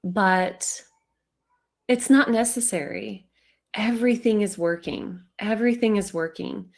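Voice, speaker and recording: Woman doing a chill spiritual livestream, slow and musing, laughs a lot. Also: fairly low pitch. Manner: laughs easily, slow and reflective. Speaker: spiritual channeler hosting a livestream. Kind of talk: casual livestream talk.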